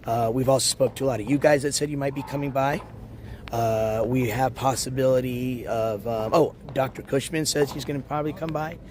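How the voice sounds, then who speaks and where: Hoarse guy on a phone livestream, rambly, mid pitch, bit of outdoor hiss. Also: fairly even intonation, brisk. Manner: rambling, shouts out chat viewers. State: hoarse, losing his voice. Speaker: IRL livestreamer. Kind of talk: casual live-stream chat. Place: outdoors at a beach in the morning.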